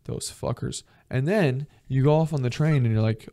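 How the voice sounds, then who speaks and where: A young man from Georgia hosts a casual podcast and rambles through travel stories. He swears freely and acts out the people he quotes. His voice sits at a middling pitch with a mellow, relaxed tone. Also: quick pace, hardly any pauses, smooth. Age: young adult. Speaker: podcast host. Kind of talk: casual storytelling monologue.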